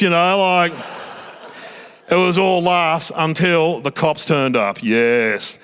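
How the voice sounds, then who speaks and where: A man's voice: fairly high pitch, a bit bright, clear, resonant tone. Australian man telling stand-up stories. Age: middle-aged. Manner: chatty, self-mocking anecdotes with quick voiced asides. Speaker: stand-up comedian. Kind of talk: stand-up comedy storytelling. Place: small theatre stage before a live audience.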